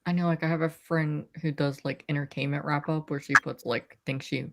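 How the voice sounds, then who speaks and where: A woman's voice: deep voice, flat delivery, brisk, vocal fry, heavy background noise. A woman co-hosting a casual online chat, agreeing and adding her own examples. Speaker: co-host.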